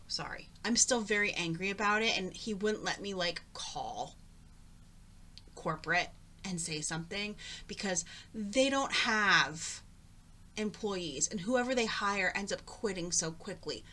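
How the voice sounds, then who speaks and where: A woman's voice: mid-range voice, unhurried, pushed and bright, slight background noise. A middle-aged woman talking casually at home, chatty and rambling, drifting off on tangents. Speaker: craft vlogger. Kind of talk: casual chat.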